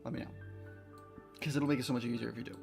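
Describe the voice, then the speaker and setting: A man chatting casually to his viewers on a livestream as a game developer, rambling excitedly and restarting his sentences often. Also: mid-range voice, racing, gravelly, over music.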